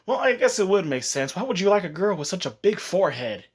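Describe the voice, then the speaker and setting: A man's voice: sits high, sing-song, fast, breathy edge, voice pushed up, heavily acted. A man voicing a brash, teasing little boy ninja.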